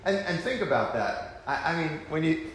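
A man leading an informal Bible study, talking in an animated way with many restarts and acted-out quotes. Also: on the high side, normal speed. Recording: echoey room with faint noise.

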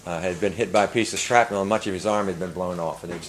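An older man preaching, telling a story earnestly and rising to loud emphasis. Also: low voice, fairly even intonation, quick pace, a little hiss or hum, poor audio. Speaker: pastor. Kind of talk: sermon storytelling.

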